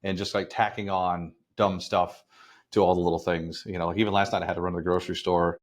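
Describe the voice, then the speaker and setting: A man's voice: low-pitched, level tone, fast talker. A man co-hosting a podcast, telling a rambling personal story in casual chat.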